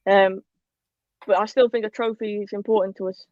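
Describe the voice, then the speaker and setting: A woman co-hosting a casual live football talk show, chatty and animated, reading out viewer comments. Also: medium pitch, fairly quick, no echo, highs cut off. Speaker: podcast co-host.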